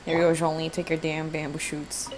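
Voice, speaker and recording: A woman's voice: low-pitched, monotone, brisk, noisy background. A woman streamer giving playful, casual commentary over a video game, laughing often and swearing offhandedly. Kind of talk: casual let's-play commentary.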